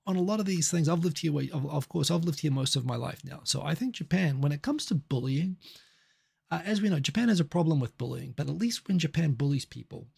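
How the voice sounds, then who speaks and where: A middle-aged man from New Zealand runs a casual live stream, chatting loosely and answering viewer comments as they arrive. His voice sits slightly high for a man and has a heavy gravelly fry. The tone is husky throughout. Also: animated, fast, a little mellow.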